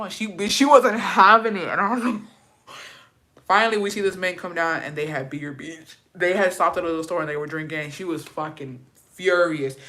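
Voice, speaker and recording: A woman's voice: lowish voice, normal speed. A young woman vlogger telling a family story in casual chat, cursing freely and slipping into Spanish phrases. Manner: profane, animated, switches into Spanish.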